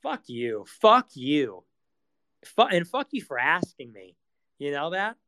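A man's voice: on the high side, wildly swooping pitch, normal speed, sharp tone, rough recording. A man hosting his own live talk, ranting sarcastically and swearing often, mocking others in whiny voices. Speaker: streamer hosting live audio spaces. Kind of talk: casual monologue.

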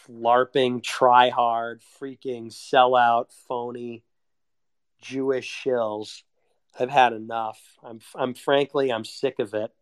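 A man's voice: mid-range voice, little pitch movement, takes it slowly, clear, resonant tone. A man delivering a heated, sarcastic, profane rant as a solo monologue. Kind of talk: ranting monologue.

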